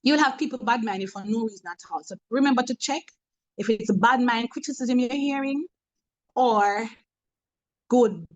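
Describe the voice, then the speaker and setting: A woman's voice: a little high, normal speed, highs cut off. A woman with a Jamaican accent, a motivational speaker in a webinar talk, humorous and preachy, telling stories from work.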